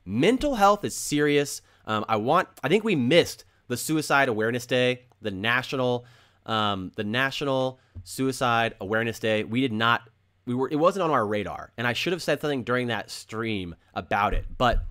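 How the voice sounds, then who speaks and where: A man's voice: medium pitch, expressive, normal speed, a bit bright. A man hosting a crypto channel, talking casually and earnestly and repeating phrases for emphasis while he explains with drawings.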